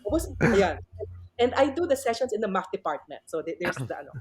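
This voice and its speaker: A middle-aged Filipino woman tells stories in an interview, mixing English and Tagalog. Her pitch leaps and swoops as she acts out the dialogue. She talks like a professor, strict but expressive. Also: fast. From Philippines. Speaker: math professor and podcast guest. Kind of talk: animated storytelling interview.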